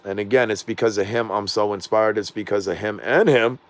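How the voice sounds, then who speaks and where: Low-voiced rambling man vlogging at home. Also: brisk. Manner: rambling, loses his train of thought, slangy. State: says his voice is not normal. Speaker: drone vlogger. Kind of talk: rambling casual vlog. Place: at home indoors.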